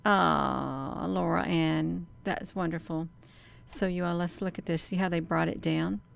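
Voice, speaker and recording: A woman, talking excitedly to her viewers as she comments on a screen in a casual livestream. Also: on the low side, measured pace, gravelly. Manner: excited, talks to viewers as "you all". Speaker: video creator.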